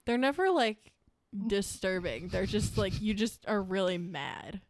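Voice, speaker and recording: A woman's voice: medium pitch, lively intonation, a little slow, no echo, studio quality. A young woman co-hosting a true-crime podcast, blunt and exasperated, swearing often. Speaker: podcast co-host.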